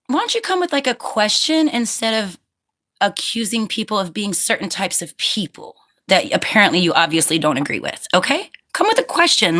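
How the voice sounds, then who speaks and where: A woman's voice: a little high, fairly bright tone. A woman hosts a casual livestream and reads out viewer comments. She talks in a loose, chatty way and laughs often, and she turns firm when a commenter gets rude. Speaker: livestream host.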